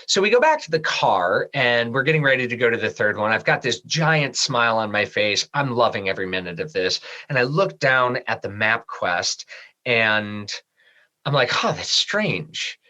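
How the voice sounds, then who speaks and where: A middle-aged man from Michigan telling a personal story as a podcast guest, lively in the telling and falling soft and low at the serious moments. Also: normal speed, poor audio. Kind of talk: storytelling in an interview.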